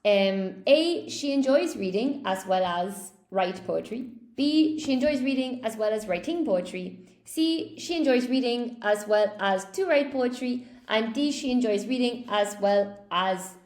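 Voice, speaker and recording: A woman's voice: a little high, expressive, measured pace, darkish tone, reverberant. A woman teaching a live online English class, cheerfully praising students by name as she goes through quiz answers.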